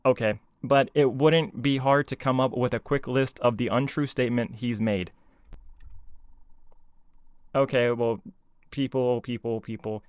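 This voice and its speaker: Man ranting in a smooth, dry voice. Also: medium pitch, fairly even intonation, a little slow, pauses often, no room sound. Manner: exasperated, sarcastic, heavy filler words. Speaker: YouTube commentator. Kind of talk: casual commentary rant.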